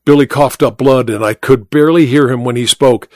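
A man narrating a first-person noir tale as the host of a story show, hardboiled and measured. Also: mid-range voice, steady tone, a little mellow, no echo, studio quality.

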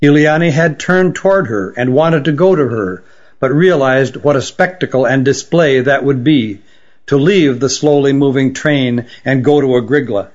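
A man reading a fantasy story aloud in measured, even scripted narration. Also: medium pitch. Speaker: audiobook narrator. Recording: dull lo-fi recording.

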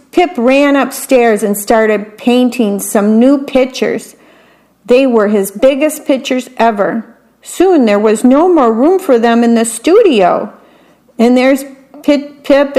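This story reader is a woman with a high, dark-toned voice who reads slowly from a picture book. She keeps pausing to chat about what each picture shows.

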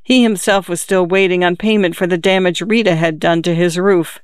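An audiobook narrator reading a literary story in a measured, even manner. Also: mid-range voice, clean tone, no room sound, clean studio sound.

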